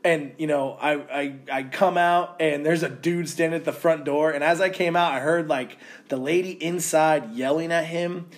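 Podcast co-host, thirties, high-pitched man, profane animated storyteller. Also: normal speed. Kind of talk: casual podcast chat.

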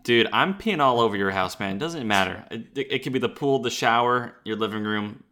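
A man's voice: medium pitch, brisk, sharp tone. A young man in his twenties, a podcast co-host, joking around with profane banter in casual chat.

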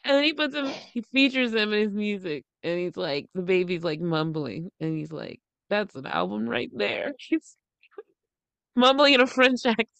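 A woman's voice: mid-range voice, very animated, normal speed, a bit bright, clear, resonant tone, no room sound. A woman co-hosting a casual gossip podcast, mocking and profane, laughing often. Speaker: podcast co-host.

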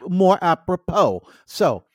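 A man's voice: sits high, very animated, slow pace, no echo, clean studio sound. A man co-hosting a comedy podcast, trading jokes with sly innuendo and mock offense. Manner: wisecracking, innuendo-prone, playfully mock-offended. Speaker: podcast co-host. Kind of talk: joking banter.

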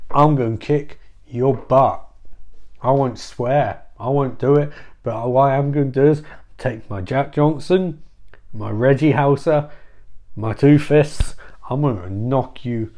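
A man's voice: mid-range voice, a little slow, darkish tone, natural voice. A man voicing a brash male Jesus who mutters blustering threats about a fistfight. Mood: threatening. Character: brash tough-talking male Jesus spoiling for a fight.

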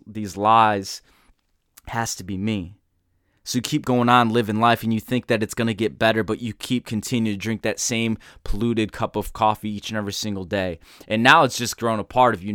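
Motivational speaker, man, smooth resonant delivery, dry close sound. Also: on the low side, fairly bright tone, dry recording. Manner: earnest, storytelling, acts out quoted voices. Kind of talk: motivational talk.

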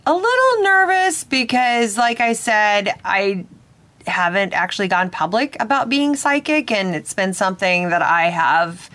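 A woman's voice: medium pitch, fairly bright tone, no echo. Earnest woman telling a personal story. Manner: earnest, slightly hesitant, with many restarts. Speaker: psychic medium and podcast host.

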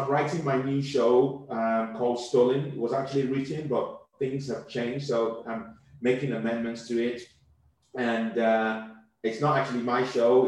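A man from Nigeria, a comedian speaking as a guest in a casual interview, quick and animated, often repeating words as he thinks. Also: mid-range voice. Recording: very echoey room.

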